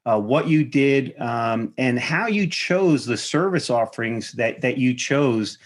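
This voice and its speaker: Halting male podcast host. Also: medium pitch, lively intonation. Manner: halting, many restarts and fillers. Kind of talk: conversational interview.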